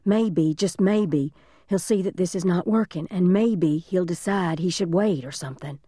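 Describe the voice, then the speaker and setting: A woman doing a hushed, bossy boy. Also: fairly low pitch, a little slow, breathy edge, dry recording, studio quality. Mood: hushed firm. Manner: soft, firm, hushed and bossy. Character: determined older boy, protective big brother.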